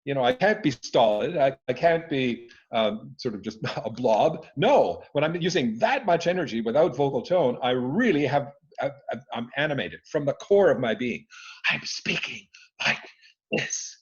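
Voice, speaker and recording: A man in his living room speaking on a video call, an expert answering interview questions with emphatic, expressive delivery and frequent restarts. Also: mid-range voice, moderate pace, hardly any pauses. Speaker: speaking coach and former conductor. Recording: dull lo-fi video call audio.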